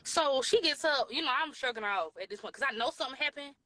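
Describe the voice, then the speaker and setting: Woman in her 20s spinning a story on a live show, bright voice, acts out everybody's lines. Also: sits high, fast talker, dry recording. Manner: animated, acts out quoted voices, Southern US slang. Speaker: podcast co-host telling a story.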